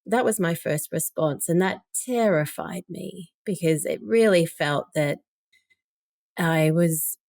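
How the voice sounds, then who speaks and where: A woman's voice: fairly low pitch, slow pace, vocal fry, darkish tone, no room sound, studio quality. A woman in her forties, a podcast guest, telling a personal story candidly and with emotion. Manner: emotional, candid, quoting others.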